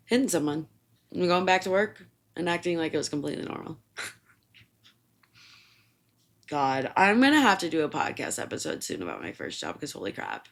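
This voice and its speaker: A young woman podcast host swearing freely as she rambles through stories and laughs at herself. Her low voice has a gravelly edge and swings widely in pitch, and her casual talk is full of fillers. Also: a bit bright. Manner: rambling, profane, self-mocking, with frequent fillers. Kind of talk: casual storytelling monologue.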